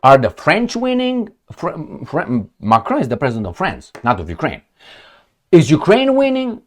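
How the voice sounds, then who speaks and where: In a mid-range voice at a moderate pace, a male political commentator reads on-screen articles in casual commentary. His tone is sarcastic and animated, he swears, and he addresses his viewers as friends.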